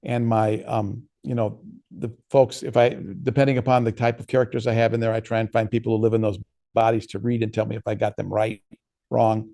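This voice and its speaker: Gravelly-voiced man giving a workshop talk. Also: on the low side, level tone, mellow. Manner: conversational storytelling, quick with frequent restarts. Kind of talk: casual lecture answering questions.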